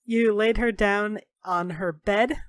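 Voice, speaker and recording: A woman narrating a tabletop game as game master in a casual, animated way. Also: medium pitch, slow pace, no echo, studio quality.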